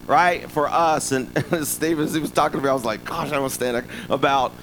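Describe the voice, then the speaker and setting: Male pastor, slightly higher voice, easygoing sermon delivery, faint ambience behind. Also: fairly quick, a bit bright, slight background noise, rough recording. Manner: conversational preaching with frequent "right?" asides.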